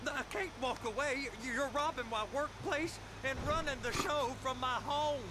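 A man's voice: extremely high pitch, moderate pace. An actor playing a nervous, put-upon man dragged into a robbery, stammering and defensive in video game dialogue. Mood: flustered. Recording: game audio with steady noise.

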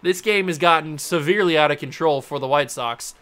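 A young man commentating his baseball video game casually, excitable and chatty, laughing often and talking to the players on screen. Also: fairly high pitch, brisk. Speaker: gaming YouTuber.

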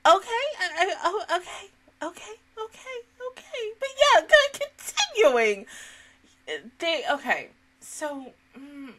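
A woman's voice: very high voice, big pitch swings, takes it slowly, a bit bright. A woman giving casual, rambling reaction commentary on an anime, emotional and swearing freely. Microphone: headphones on.

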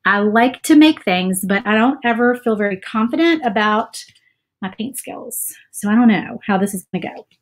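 A woman's voice: on the high side, lively intonation, normal speed. A woman chatting casually while she paints on a livestream, self-doubting and saying "y'all" often. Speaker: craft livestream host.

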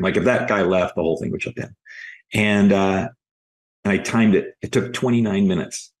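A man working as an executive coach, telling stories in a podcast interview and acting out the dialogue in them. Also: sits low. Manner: lively anecdotes, re-enacting dialogue in quotes.

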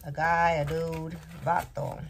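A woman's voice: sits low, level tone, slow, a little hiss or hum. A woman giving a casual tarot reading, rambling and asking "okay?" again and again. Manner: rambling, repeats "okay?" often. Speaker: tarot reader.

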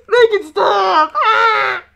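Young woman screaming n laughing at a game, super high voice, slow drawn-out shrieks, loud noisy call audio. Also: expressive, vocal fry. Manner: shrieking, laughing, easily flustered. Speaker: let's play host. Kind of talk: reacting to a horror game with friends.

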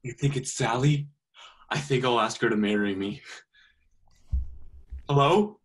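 An actor playing a dim, lovesick teenage son who talks in an eager, goofy way. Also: male voice, medium pitch, measured pace, lightly acted.

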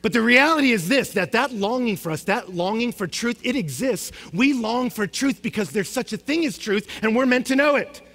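A young man preaches with a very high, bright voice, swinging from emphatic rising questions to low, quiet statements. His words ring out with a long reverb from a large hall. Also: expressive, moderate pace, few pauses. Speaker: pastor. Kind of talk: sermon.

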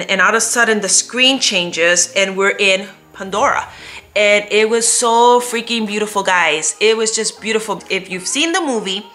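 A woman at home telling a story to her viewers in an animated, expressive way, laughing often. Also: mid-range voice. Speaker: vlogger. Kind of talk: storytime chat to camera.

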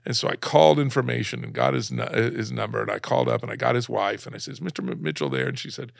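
Middle-aged male guest from Alabama, very gravelly, dry close mic, emotional storyteller with restarts. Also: mid-range voice, expressive, no room sound. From Alabama, USA. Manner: halting, many restarts, close to tears. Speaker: guest, cartoonist.

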